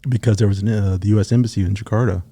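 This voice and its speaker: A middle-aged man, a retired Navy SEAL sniper, telling his story in a relaxed, casual interview. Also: on the low side, rapid-fire, slightly rough, dry recording. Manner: relaxed storyteller, acts out quoted dialogue.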